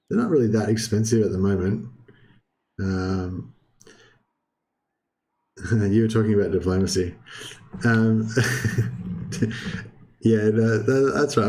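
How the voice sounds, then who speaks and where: Young guy with a low deep voice doing laid-back game commentary, lots of ums, clears his throat now and then. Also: warm tone. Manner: hesitant, many filler ums and throat clearing. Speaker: gaming video host. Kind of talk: casual let's-play commentary.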